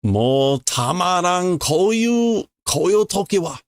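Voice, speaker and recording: A man voicing a fretful, exasperated young boy from a comic, reading his lines slowly and carefully. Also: sits high, very animated, no echo, studio quality, voice pushed up, full character voice.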